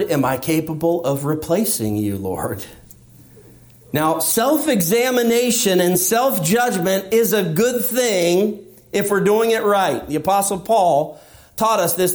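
Man, high voice, sermon, emphatic, rhetorical questions. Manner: acts out a believer's inner voice. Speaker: pastor.

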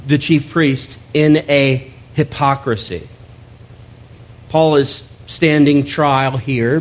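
Male pastor, slightly high voice, conversational sermon with quick jokes, dull lo-fi recording. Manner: conversational and joking, with quick asides.

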